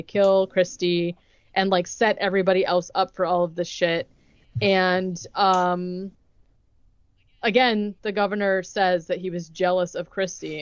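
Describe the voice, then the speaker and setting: A young woman co-hosts a podcast, recapping a film in a loose, rambling way and acting out bits of dialogue between her fillers. Her voice sits at an ordinary pitch. The recording is dry and a little dull in its highs. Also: no room sound. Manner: rambling retelling full of "like" and acted-out quotes. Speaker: podcast co-host recapping a movie. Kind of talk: casual chat.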